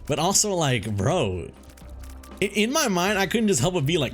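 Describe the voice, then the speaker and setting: Young man with a lively, swinging voice. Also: fairly high pitch, moderate pace, faint music behind. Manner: laid-back, rambling, swears a lot. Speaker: gaming YouTuber. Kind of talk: casual storytelling over gameplay.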